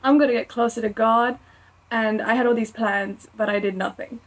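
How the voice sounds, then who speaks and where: A woman's voice: a little high, fairly even intonation, normal speed, poor audio. A young Australian woman co-hosting a faith podcast, telling a personal story in a chatty, laughing way. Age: young adult. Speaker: podcast co-host. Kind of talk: casual faith chat.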